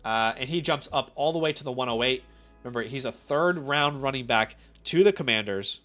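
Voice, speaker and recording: A man with a cold hosting a casual live stream, chatty and animated, often asking his viewers questions directly. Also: medium pitch, a little fast, soft background music. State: has a cold. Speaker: fantasy football live-stream host.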